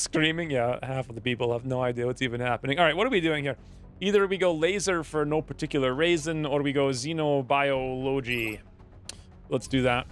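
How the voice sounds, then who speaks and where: A man's voice: fairly high pitch, a bit bright. A man streaming a strategy game, thinking aloud in a rambling, playful way as casual gaming commentary.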